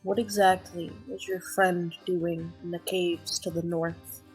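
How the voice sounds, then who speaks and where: A woman's voice: lowish voice, little pitch movement, a little slow, darkish tone, soft background music, natural voice, poor audio. A woman playing a sly young drow man. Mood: probing. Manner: sly, probing, mock-innocent.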